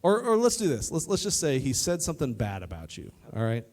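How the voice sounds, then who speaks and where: A man preaching a youth sermon to a live audience, lively and joking, talking straight to the crowd. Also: a little high, a little fast. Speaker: youth pastor. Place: church youth service in front of an audience.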